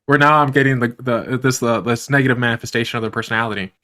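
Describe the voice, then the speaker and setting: A man chatting as an interview guest, talking quickly and circling through his thoughts with plenty of fillers. His pitch sits in an ordinary middle range, and his speech tumbles along at a brisk clip. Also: sharp tone. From grew up on a farm. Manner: rambling, many fillers, laughs often. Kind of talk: casual conversation.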